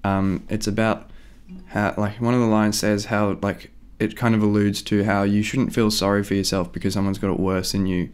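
A man's voice: fairly low pitch, flat delivery, moderate pace, few pauses, smooth. A young man chatting casually and rambling about a song before playing his cover, with lots of "like" and "um". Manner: rambling, easygoing, full of "like" and "um". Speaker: musician doing a cover.

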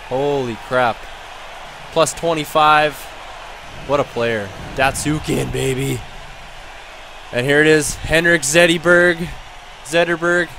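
A man giving casual commentary over a hockey video game he is playing, muttering low between plays and getting louder when he cheers. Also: slight background noise. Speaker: gaming commentator.

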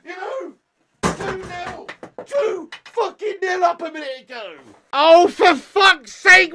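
Sweary football fan yelling at the match, really high gravelly voice, dry close sound. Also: male voice, dry recording. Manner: ranting, sweary, shouting in frustration. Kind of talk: ranting match watchalong.

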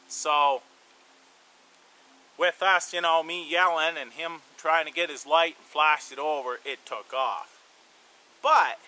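Man, bright sharp tone, slightly high voice, casual rambling storytelling, survival channel host. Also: low-quality recording. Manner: relaxed, rambling, frequent "you know" fillers.

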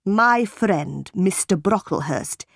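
A woman's voice: mid-range voice, lively intonation, slow, vocal fry, no echo, clean studio sound, exaggerated voice. A woman voicing a cold, harsh middle-aged aunt in a storybook reading, with a scolding manner.

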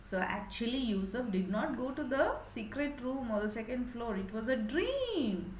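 A woman teacher explaining a story to young children, animated and asking them questions. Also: fairly high pitch, moderate pace, echoey room, slight background noise, rough recording.

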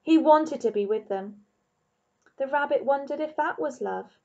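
A primary school teacher reads a children's novel aloud at a measured pace, calm and expressive as she paces the story for young listeners. Her voice is fairly high, and the audio sounds dull and muffled, like a low-quality home setup.

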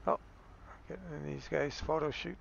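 A man's voice: fairly high pitch, normal speed, vocal fry, muffled recording, a little hiss or hum. A man giving a casual, rambling game tutorial, correcting himself as he goes and chuckling now and then.

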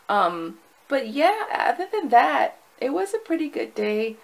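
A woman's voice: on the high side, animated, normal speed, vocal fry, rough recording. A woman recording a casual video diary at home, chatty and rambling, with many fillers and restarts. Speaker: vlogger.

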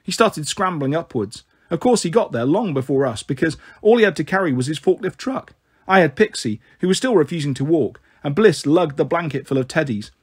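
Expressive man reading a children's story. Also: a little high, a little fast, husky. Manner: expressive, voices characters. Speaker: audiobook narrator.

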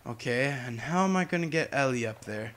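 A man's voice: medium pitch, animated, a little fast, a bit bright. A young man giving casual, chatty gameplay commentary as a YouTuber, humming and drifting off topic. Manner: chatty, distracted, hums to himself. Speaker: gaming YouTuber.

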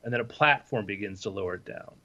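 A man's voice: on the low side, fast, highs cut off, background noise. A man narrating a tabletop game as game master, in a playful, descriptive way.

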